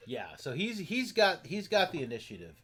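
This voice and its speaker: A man running an online tabletop game as game master, explaining rules in halting, rambling sentences full of fillers. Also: fairly high pitch, huge pitch swings, fairly bright tone, faint music behind.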